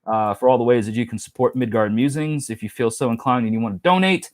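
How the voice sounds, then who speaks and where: A man's voice: mid-range voice, fast. A man hosting a casual live stream, telling rambling stories and reading chat comments, with lots of fillers and restarts. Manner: rambling, chatty storytelling with many fillers and restarts.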